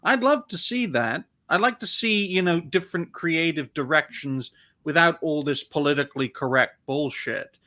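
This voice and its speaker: A man hosting a fan live stream, giving opinionated, ranting commentary in quick bursts. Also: on the high side, bright, forceful tone.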